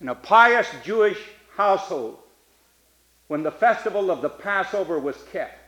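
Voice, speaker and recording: Man, preacher, sermon, high voice, bright and forceful, unhurried, emphatic repetition. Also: expressive. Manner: dramatic swings from loud emphasis to hushed intensity; repeats phrases for emphasis.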